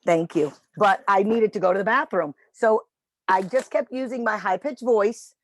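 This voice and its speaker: A woman telling a dog-training story in casual chat on a video call, animated when quoting. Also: medium pitch, normal speed. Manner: chatty storytelling, animated voices for quotes. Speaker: puppy raiser trainer.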